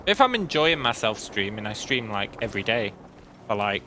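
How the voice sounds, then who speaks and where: A man streaming a video game, chatting wryly with viewers and often clearing his throat. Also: on the low side, big pitch swings, normal speed, noisy background. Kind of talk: casual gameplay commentary.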